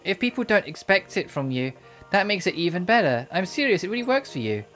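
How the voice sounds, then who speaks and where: A woman's voice: fairly low pitch, very animated, fairly quick, faint music behind, voice pushed up. A streamer voicing Sanae, an eager teen girl who gushes over her friend, for a game playthrough. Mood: gushing. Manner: gushing, breathy-soft, pushy with compliments.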